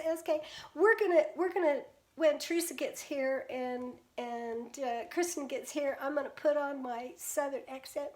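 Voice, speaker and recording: An older Pacific Northwest woman with a high, slightly mellow voice paints while chatting casually on her live stream. She greets viewers by name and laughs often.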